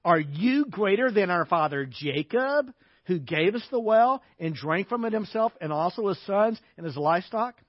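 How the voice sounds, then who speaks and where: A man's voice: sits high, big pitch swings, a little slow, pauses often, breathy edge, no echo, highs cut off, pitched above the performer's own voice, exaggerated voice. A man voicing a skeptical woman at a well, speaking with a dismissive, sarcastic edge.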